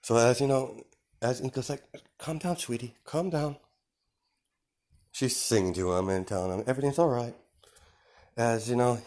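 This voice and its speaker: A man's voice: on the low side, a little mellow. A man improvising a fan-fiction story aloud, rambling casually with lots of fillers.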